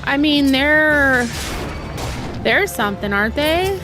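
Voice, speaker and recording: Giggly woman game streamer, light and slightly high, casual chat over faint music. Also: lively intonation, takes it slowly. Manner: playful, giggly, chatty.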